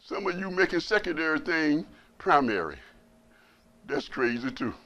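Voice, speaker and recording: This is a Friday sermon from a man acting as imam, animated and at a normal speed. His blunt, colloquial preaching repeats words for emphasis and alternates between loud passages and low asides.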